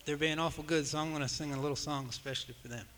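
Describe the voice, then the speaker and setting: A man's voice: fairly high pitch, steady tone, very fast, fairly bright tone. A man, emceeing an old-time music show on a stage microphone, in an easygoing, folksy manner. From West Virginia. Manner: folksy, easygoing, with homespun phrasing. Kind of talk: live stage announcing. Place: hall at a live music event. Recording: echoey hall with long reverb.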